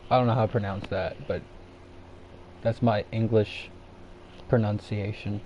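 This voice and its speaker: A man's voice: on the low side, fairly even intonation, a little slow, mellow. A man chatting casually and rambling on his own live stream, laid-back and chuckling at himself. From Canada. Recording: dull lo-fi sound with faint background noise.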